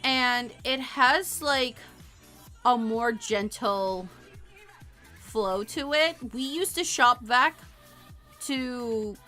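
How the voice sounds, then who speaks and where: High, bright-voiced young woman streamer. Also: very slow, long pauses, faint music behind. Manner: animated, rambling storytelling with frequent laughs. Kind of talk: casual livestream chat.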